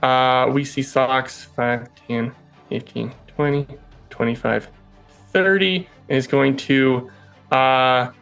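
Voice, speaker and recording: A man narrating a tabletop game as game master, in a halting way with chuckles. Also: mid-range voice, vocal fry, a bit bright, clear, resonant tone, faint music behind.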